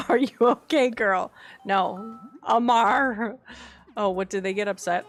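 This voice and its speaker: A young woman streaming a cozy life-sim game, chatting casually with viewers, giggling often and breaking into excited squeals. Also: medium pitch, slow pace, soft background music. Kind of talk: casual live-stream chat over gameplay.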